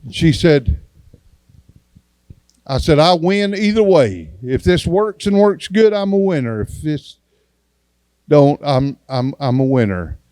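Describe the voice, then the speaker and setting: A man's voice: a little high, sing-song, takes it slowly, long pauses, dark tone, no echo. A man, an evangelist giving a testimony sermon in a church and acting out the dialogue in his story in a folksy way.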